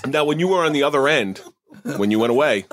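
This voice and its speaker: A man's voice: medium pitch, lively intonation, fast, fairly bright tone, no echo, clean studio sound. A man hosting a podcast, chatting in a blunt, profane way and asking questions. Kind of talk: casual podcast chat.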